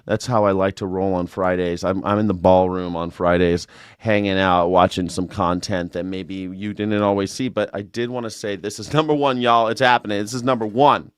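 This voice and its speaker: Man, livestream commentator, low voice, dry sound, rambling, jokey. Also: steady tone, normal speed, clear, resonant tone, dry recording. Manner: rambling, jokey, self-mocking. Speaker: news and culture commentator. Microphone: desk mic with monitors.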